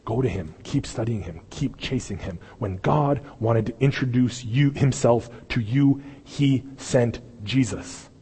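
A man preaching a sermon as pastor, swinging from loud pleading to hushed intensity. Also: mid-range voice, unhurried, hardly any pauses, husky, in a large hall. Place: church sanctuary.

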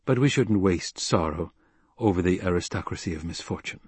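A man voicing a shrewd, calculating count in an audiobook, dry and deliberate with small hesitations. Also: deep voice, animated, husky, no room sound. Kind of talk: audiobook character voice.

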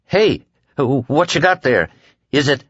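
A man voicing a frightened grown man with a croaking voice. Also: mid-range voice, lively intonation, slow, a bit bright, no echo, muffled recording, pitched above the performer's own voice, full character voice.

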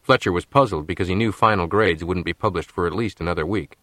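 Brief: deep male narrator, very dry close studio sound, measured reading. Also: fairly bright tone, dry recording. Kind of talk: audiobook narration.

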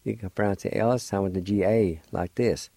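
A man's voice: lowish voice, fairly even intonation, gravelly, mellow, no room sound. A man hosting a radio language lesson, spelling words letter by letter and pronouncing them patiently. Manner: slow, deliberate spelling letter by letter; patient, encouraging teacher. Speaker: radio show host teaching language.

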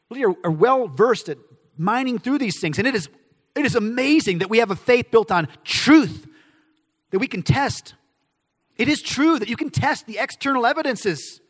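Male pastor, sermon, high and lively voice, rhetorical questions, long hall echo. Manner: animated, acts out quoted voices, emphatic questions and answers.

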